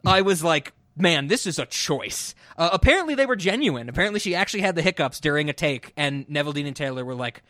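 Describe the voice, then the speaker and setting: This man co-hosts a relaxed film podcast. He has a slightly high voice and a rambling, giggly way of talking, and he acts out the lines he quotes. The sound is dry, with no room echo. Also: quick pace, hardly any pauses. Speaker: podcast co-host. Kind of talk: casual film discussion.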